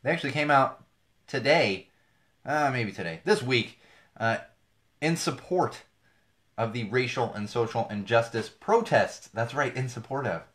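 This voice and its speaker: A man's voice: mid-range voice, measured pace, fairly bright tone. A man hosting a podcast, talking through the news in a casual, sarcastic way with many fillers and restarts. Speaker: podcast host. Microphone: podcast microphone.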